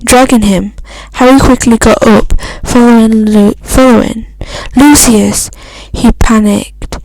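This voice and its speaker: A woman's voice: a little high, steady tone, darkish tone, dry recording, rough recording. A woman reading a fan story aloud, stumbling and restarting often. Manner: halting reading with frequent restarts. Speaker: fan fiction reader.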